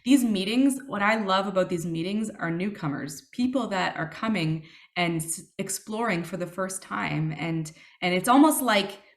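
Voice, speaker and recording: A woman's voice: medium pitch, normal speed. A woman in her thirties giving a personal recovery testimony, earnest and reflective, with frequent fillers and restarts. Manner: earnest and reflective, with many fillers and self-corrections. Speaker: speaker sharing her recovery story.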